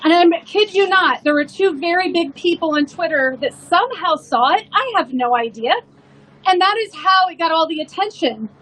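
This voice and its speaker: High-voiced woman giving an impassioned speech. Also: expressive, moderate pace, a bit bright, poor audio. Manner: emotional, earnest storytelling. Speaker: restaurant owner speaking at a rally.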